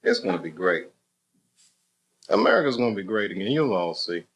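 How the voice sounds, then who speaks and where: A man's voice: low-pitched, big pitch swings, brisk, fairly bright tone. A man telling loose, profane, rambling stories as a stand-up comedian on a comedy club stage. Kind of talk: live stand-up storytelling.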